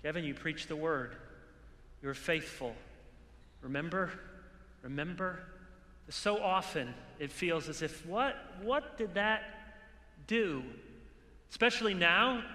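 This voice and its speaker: A man delivers an exhorting sermon at a conference, earnest and slipping in dry humor. His voice is bright and sharp-edged. The sound rings with a long hall reverb. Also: sits high. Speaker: preacher. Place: large hall with an audience.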